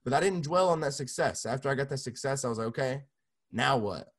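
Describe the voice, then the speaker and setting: A man's voice: medium pitch, animated, fast talker. Young male guest, casual storyteller, swears freely, restarts sentences, mid-range voice. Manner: loose and profane, many restarts. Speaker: music producer guest.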